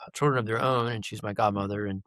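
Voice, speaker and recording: A man's voice: lowish voice, steady tone, fast, a bit bright, dry recording. A man, a company founder, talking as a guest in a loose, rambling way full of fillers. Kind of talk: casual interview talk.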